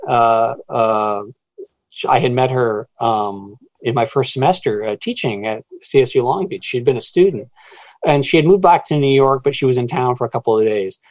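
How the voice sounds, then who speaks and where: A man's voice: mid-range voice, dry recording, lo-fi sound. A man being interviewed about his book, retelling a strange encounter with many stammered restarts and quoted voices. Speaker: author guest. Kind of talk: storytelling interview.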